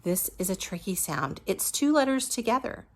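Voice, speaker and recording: A woman's voice: medium pitch, sing-song, normal speed. A woman teaching a phonics lesson to young children, patiently modeling each letter sound and praising the listener.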